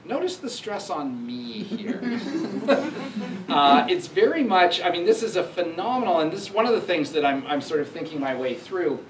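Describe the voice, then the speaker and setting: A professor gives a conversational public lecture at a university, thinking out loud and reading quoted lines with emphasis. His voice sits high with a sing-song quality at normal speed. The recording is made from far off in an echoey hall, with crowd noise present.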